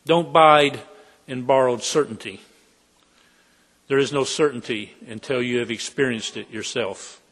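A pastor preaching a heartfelt sermon in a church sanctuary, slow and earnest. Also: male voice, mid-range voice, a bit bright, long reverb tail.

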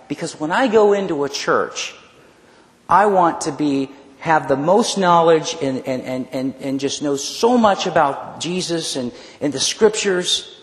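Storytelling preacher in an echoey hall. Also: male voice, fairly high pitch, normal speed. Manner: storytelling, animated, many restarts. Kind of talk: personal testimony sermon. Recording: echoey hall, long reverb.

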